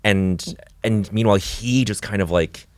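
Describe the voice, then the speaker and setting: Male podcast host, deep voice; halting and conversational, lots of restarts. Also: no room sound.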